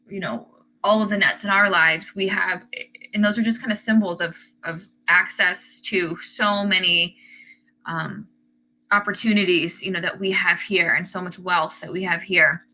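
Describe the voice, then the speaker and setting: A woman's voice: medium pitch, sharp tone, low-quality recording. A woman teacher explaining the tone and word choice of an essay, reading passages aloud and commenting on them. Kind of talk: lesson analyzing an essay's tone.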